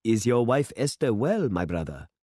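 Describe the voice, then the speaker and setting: A man's voice: lowish voice, big pitch swings, normal speed, warm tone, no echo, studio quality, voice pushed up. A man voicing a humble, earnest older country priest who asks polite questions, in a storybook reading.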